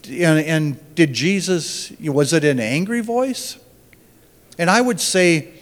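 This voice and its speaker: A man's voice: fairly high pitch, long reverb tail. A man giving an informal Bible teaching, thinking aloud and often restarting his phrases.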